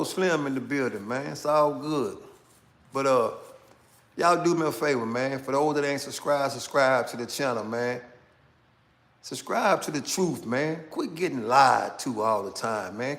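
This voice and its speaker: Street-talking man with a slow drawl. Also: medium pitch, expressive, vocal fry, fairly bright tone. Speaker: channel host. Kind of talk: casual commentary monologue.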